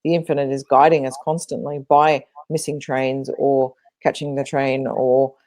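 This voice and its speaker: A woman's voice: a bass voice, little pitch movement, moderate pace, a little mellow, dry recording. A woman co-hosting a podcast, telling stories in a rambling, casual way with many fillers. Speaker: podcast co-host. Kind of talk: casual spiritual chat.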